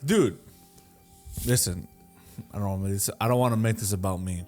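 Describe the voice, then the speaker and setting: A man co-hosting a podcast, talking in a relaxed, rambling way with many restarts. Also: on the low side, fairly quick, soft background music. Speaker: podcast co-host. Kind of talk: casual chat.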